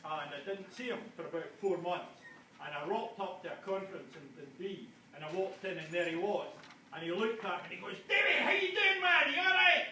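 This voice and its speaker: A man's voice: high-pitched, fairly quick. Self-mocking man joking on stage. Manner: self-mocking, jokey, rambling. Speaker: conference speaker. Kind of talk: comic talk to a live audience. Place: conference hall. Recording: echoey hall, distant mic, noisy room.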